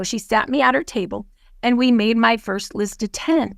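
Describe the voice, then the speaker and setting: Bright-voiced woman coaching on a video call. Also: fairly high pitch, moderate pace, creaky, no room sound, studio quality. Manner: lively storyteller who acts out dialogue. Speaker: guest speaker, team leader. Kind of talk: webinar coaching talk. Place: home office on a video call. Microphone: video call microphone.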